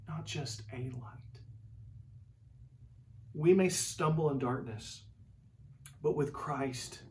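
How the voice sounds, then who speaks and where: Slow, deliberate male preacher, distant mic. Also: a little high, darkish tone. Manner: slow and deliberate, with repeated rhetorical questions. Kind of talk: sermon. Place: church.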